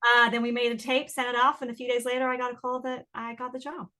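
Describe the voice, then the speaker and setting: A woman's voice: fairly high pitch, little pitch movement, quick pace, bright, forceful tone. A woman in her thirties from England with a mixed British and American accent, chatting and laughing easily as an interview guest. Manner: bubbly, laughs often, chatty. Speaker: actress guest. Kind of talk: casual interview answers.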